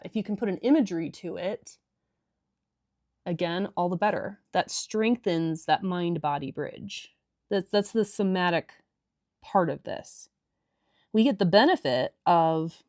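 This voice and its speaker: A woman's voice: on the low side, lively intonation, normal speed, a little mellow, no echo, studio quality. A woman leading a casual guided stretching class, chatty and irreverent with joking asides. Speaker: yoga and stretching instructor.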